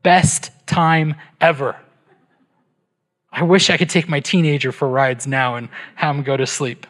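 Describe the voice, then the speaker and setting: A man's voice: fairly high pitch, fairly even intonation, measured pace, a bit bright. A middle-aged man preaching a sermon as pastor, emphatic, asking his listeners rhetorical questions and checking in with "right?".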